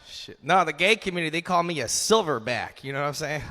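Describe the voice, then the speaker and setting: A man in his twenties doing a loose, swearing stand-up set on a comedy club stage, shouting in the bits. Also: a little high, animated, fast, a little hiss or hum. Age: 20s. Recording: live stage mic in long hall reverb.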